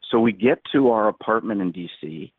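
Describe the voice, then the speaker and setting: A man's voice: fairly low pitch, animated, brisk, slightly rough, dry recording. A man in his sixties, a podcast guest, telling a long story in a rambling, vivid way and acting out the quotes. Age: 60s. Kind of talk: anecdotal storytelling in a podcast interview. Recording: tinny phone-like line.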